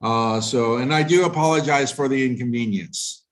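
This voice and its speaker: An American IELTS tutor gives a live online pronunciation lesson, explaining things in a measured way with frequent fillers and restarts. His voice is medium-pitched, and the audio quality is poor.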